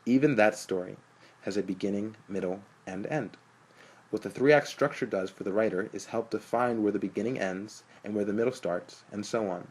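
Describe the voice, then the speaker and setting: A wry, confident film professor addresses his class, read by a man. The voice sits low and even, explanatory in an audiobook reading. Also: moderate pace, slightly rough, poor audio. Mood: lecturing. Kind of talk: audiobook narration.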